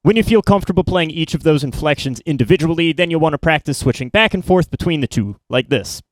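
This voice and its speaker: A man's voice: on the high side, quick pace, heavy background noise. Laid-back man explaining drum patterns. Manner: relaxed, informal, counts drum strokes aloud. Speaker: drum teacher. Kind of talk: instructional explanation.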